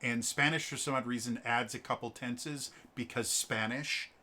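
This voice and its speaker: A man from Wisconsin running a tabletop game, chatting casually with animated, joking asides. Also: medium pitch, normal speed. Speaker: game master. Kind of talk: casual chat.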